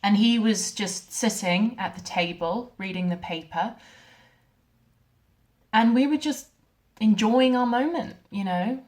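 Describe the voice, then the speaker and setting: An actress playing a young wife who records a shaken video message to her mother, speaking softly and haltingly. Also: mid-range voice, slight background noise, close to an everyday voice, poor audio. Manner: soft, hesitant, halting delivery with quiet dips. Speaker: actor in a short film. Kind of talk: dramatic monologue as a video message.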